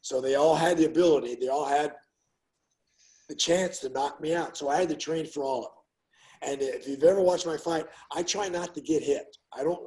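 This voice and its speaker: On a rough recording, an older man who used to fight tells lively stories in a casual interview. His voice sits on the high side, and he acts out people's words loudly.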